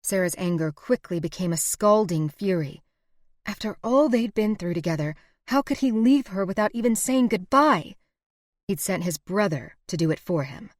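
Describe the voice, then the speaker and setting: A woman narrating a historical romance audiobook in a steady, expressive reading. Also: medium pitch, normal speed, no echo, clean studio sound. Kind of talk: scripted narration.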